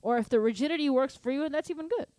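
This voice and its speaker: Animated woman drum teacher counting rhythms. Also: high voice, rapid-fire, dry recording. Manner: chatty, long-winded explanations. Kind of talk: casual online drum lesson Q&A.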